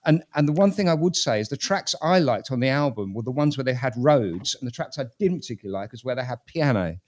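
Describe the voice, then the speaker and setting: A British man talks through an album in a relaxed panel chat. His opinions are blunt and frank, and he often repeats words while he gathers his thoughts. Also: mid-range voice, quick pace. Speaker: music critic. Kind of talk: casual panel discussion.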